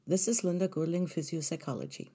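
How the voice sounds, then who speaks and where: A woman's voice: fairly low pitch, quick pace, warm tone, husky. A woman hosting her own podcast, talking earnestly and conversationally to listeners, with fillers and restarts. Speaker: podcast host. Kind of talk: solo podcast monologue.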